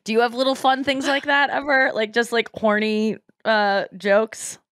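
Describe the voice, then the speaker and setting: A woman's voice: on the high side, little pitch movement, moderate pace, a bit bright, no echo, clean studio sound. Giggly, candid woman podcast host. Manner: candid, giggly storytelling with many fillers. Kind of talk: casual chat.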